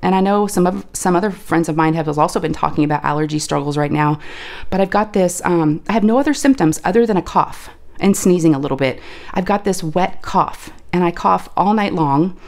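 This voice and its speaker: Chatty woman with an allergy-roughened voice. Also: lowish voice, a little fast, darkish tone. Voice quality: folksy and chatty, says "y'all". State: deep, scratchy voice from allergies. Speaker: crafting video host. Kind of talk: casual chat while crafting.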